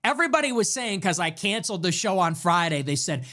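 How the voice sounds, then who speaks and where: Animated, mocking male commentator. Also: sits high, fast, few pauses. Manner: animated, mocking, ranting, swings from deadpan to yelling. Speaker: online commentator. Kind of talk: casual commentary monologue.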